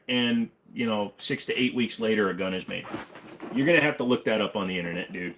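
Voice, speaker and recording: Laid-back male streamer, low-ish voice, answers chat with dry jokes and hums between questions. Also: brisk, a bit bright. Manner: joking, offhand, hums and scats to himself. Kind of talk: casual livestream chat. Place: home room with guns on the wall behind him.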